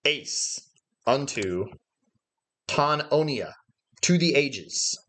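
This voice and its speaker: Man teaching a Bible study, mid-pitched. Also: lively intonation, extremely slow, fairly bright tone. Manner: explains Greek words step by step, thinking aloud with frequent "uh" fillers. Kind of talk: livestreamed Bible study lesson. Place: church livestream.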